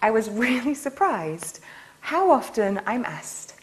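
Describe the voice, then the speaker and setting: Lively, playful woman lecturer. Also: a little high, slow pace. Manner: playful, enthusiastic storytelling with laughs. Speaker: nanotechnologist giving a public lecture. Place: lecture hall in a university building.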